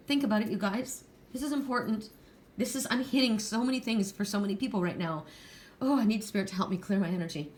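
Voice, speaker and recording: A middle-aged woman giving a heartfelt, rambling pick-a-card reading, tearful at times. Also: on the high side. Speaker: tarot card reader.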